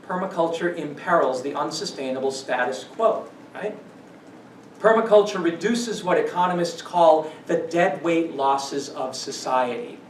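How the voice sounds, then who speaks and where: A man giving a scripted lecture in an emphatic way, slowing down for stressed points and rushing through asides. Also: a little high, a little hiss or hum. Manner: emphatic, shifts between slow stresses and quick asides. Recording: roomy echo, distant mic, faint ambience.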